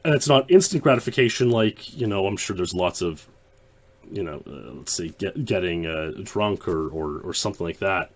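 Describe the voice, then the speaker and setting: A man's voice: low-pitched, expressive, normal speed. A man hosting the show, talking through the clip in casual, rambling commentary full of restarts. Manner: rambling, many restarts and fillers. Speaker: host.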